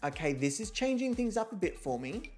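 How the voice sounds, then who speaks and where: A woman's voice: medium pitch, sing-song, brisk, darkish tone. A woman streaming live, chatting casually and thinking aloud as she weighs choices and answers her viewers. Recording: faint music underneath.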